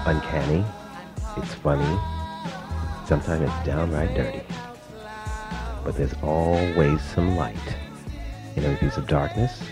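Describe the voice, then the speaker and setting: A man hosting a radio-style interview show, with playful, smooth showman patter. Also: a bass voice, steady tone, unhurried, long pauses, music in the background. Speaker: host and DJ. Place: Los Angeles studio.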